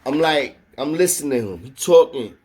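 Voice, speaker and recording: A man's voice: mid-range voice, expressive, normal speed, a little mellow, husky. A man tells a long story in a loose, casual way. His talk is full of slang and swearing, and he keeps checking in with his listener as he goes. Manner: slangy and profane, with frequent "know what I mean".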